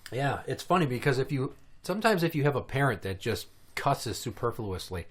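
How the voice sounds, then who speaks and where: A man's voice: medium pitch, big pitch swings, a little fast. A young man hosts a casual podcast, talking in a middle-of-the-road voice. He tells family stories in a loose, chatty way and slips into little voices to act out what his kids said. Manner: storytelling, mimics his kids' voices. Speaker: podcast host. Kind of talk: casual chat.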